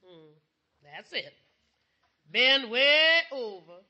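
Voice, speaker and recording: A woman's voice: high-pitched, lively intonation, extremely slow, heavily acted. A woman playing a cranky, sly, bedridden old mother-in-law in a radio comedy, tart-tongued and speaking in broken grammar. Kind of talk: 1940s radio comedy acting. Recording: hissy old radio recording.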